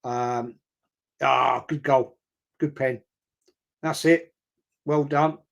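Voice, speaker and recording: A middle-aged man chatting through a live football watch-along stream, rambling and excitable and swearing freely. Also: mid-range voice, extremely slow, gravelly, dull audio.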